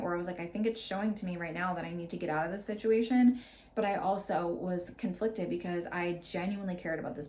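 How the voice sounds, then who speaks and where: Woman host, thirties, candid personal storytelling with an animated, filler-heavy delivery, recorded in a roomy space. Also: on the low side. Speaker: podcast host. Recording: roomy echo.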